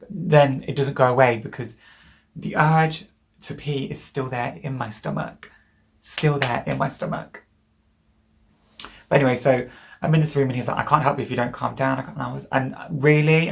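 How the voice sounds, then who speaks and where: Gravelly-voiced British woman telling her story. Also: very deep voice. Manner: candid, emotional, vivid retelling. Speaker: vlogger. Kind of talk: personal storytelling to camera.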